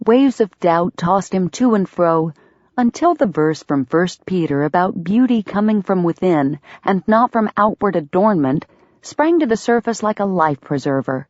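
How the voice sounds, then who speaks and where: A woman narrating an audiobook in an expressive storytelling manner. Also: on the low side, moderate pace, dry recording. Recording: dull, dry lo-fi sound.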